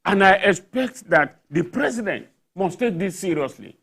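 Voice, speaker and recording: Sitting on a TV studio panel, a male journalist voices his indignation through a barrage of rhetorical questions. His high, fairly bright voice has lively intonation, vocal fry and slight roughness, at a moderate pace.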